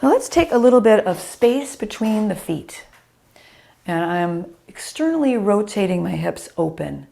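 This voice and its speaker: A middle-aged woman teaching a chair yoga class over a video call, giving calm guiding cues and naming students as she goes, with a slightly scratchy voice. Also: medium pitch, a little slow, creaky. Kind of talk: live online yoga class instruction.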